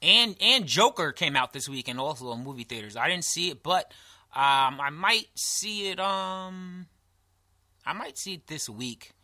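Bright-voiced joking New man. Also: fairly high pitch, lively intonation, a little slow. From New York. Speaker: podcast co-host. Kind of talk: casual chat.

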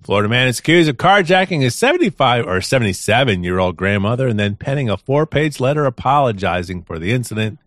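A man's voice: medium pitch, animated, quick pace, few pauses, a bit bright, no echo, studio quality. A man co-hosting a podcast, reading news stories aloud in a casual, amused way with frequent chuckles. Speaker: podcast co-host.

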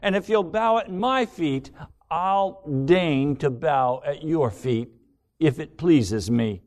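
A man's voice: fairly high pitch, animated, slow pace, a little mellow. A man preaching a sermon gives voice to self-love as a stubborn, demanding figure that scoffs and bargains. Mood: haughty. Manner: scornful, bargaining.

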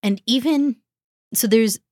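A woman who is a religious sister, co-hosting a faith podcast, animated and quick to laugh, often checking in with "right?". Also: fairly high pitch, dry recording, studio quality. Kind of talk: conversational discussion.

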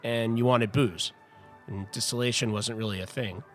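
On a podcast, a man who imports wine chats through a lengthy wine-history tale full of false starts and tangents. His medium-pitched voice is fairly bright and fairly even in intonation, at a moderate pace. Faint music sits behind him.

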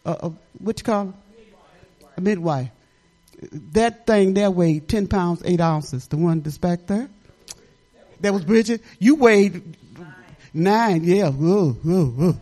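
An older woman preaching a testimony at church, fervent and repetitive, with bursts of laughter and sudden shouts. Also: medium pitch. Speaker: church speaker.

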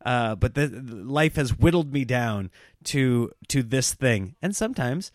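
A man in his thirties, a stand-up comedian, telling animated, self-mocking stories in a casual monologue and laughing at himself. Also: medium pitch, measured pace, no echo, clean studio sound.

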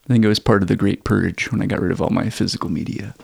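A man co-hosting a podcast, chatting casually with wry, deadpan jokes. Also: sits low, fast talker, gravelly, breathy edge. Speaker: podcast co-host. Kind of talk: casual chat.

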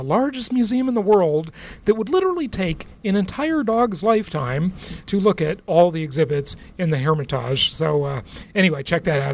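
A man hosting a podcast, telling a travel story in a chatty, laughing way and then interviewing a guest. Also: on the high side. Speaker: podcast host. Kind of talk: casual monologue and interview. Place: aboard a cruise ship.

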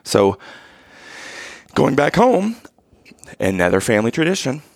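A man in his thirties, co-hosting a casual chat and retelling a family vacation story with animated, exaggerated quotes. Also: mid-range voice, a little slow, no echo, clean studio sound. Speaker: podcast co-host telling a family story.

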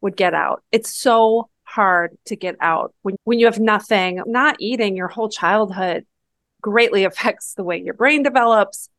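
A woman's voice: medium pitch, unhurried, a bit bright, dry recording. A woman co-hosting a book podcast, talking things through in an earnest, reflective way. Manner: reflective, earnest, thinks aloud. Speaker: podcast co-host. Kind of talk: casual book-club chat.

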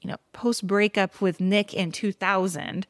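A woman's voice: medium pitch, fairly even intonation, unhurried, no echo. A woman co-hosting a podcast, recapping a TV episode in casual chat with blunt, exasperated asides. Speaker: podcast co-host.

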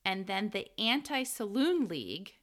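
A woman's voice: mid-range voice, big pitch swings, unhurried, a bit bright. A woman co-hosting a casual history podcast, telling the story with frequent laughs and the odd swear word. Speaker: podcast co-host.

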